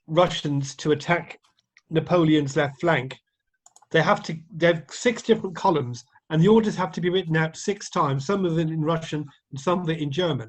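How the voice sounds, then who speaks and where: On a casual podcast, a man with a fairly high voice eagerly explains historical campaigns and tactics as a history guest talking battles. He's enthusiastic and explanatory, often restarting his sentences, and the recording is rough.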